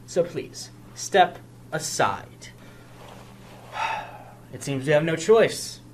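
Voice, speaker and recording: A student performing every role in a homemade audio drama, swinging between hushed lines and loud outbursts. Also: mid-range voice, lively intonation, very slow, slight background noise, low-quality recording.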